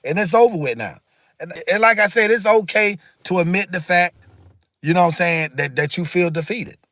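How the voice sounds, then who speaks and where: A man's voice: high voice, moderate pace, fairly bright tone, no echo. Emphatic preachy man on a livestream. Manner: reads and answers viewer comments. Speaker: livestream host. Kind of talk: casual livestream monologue.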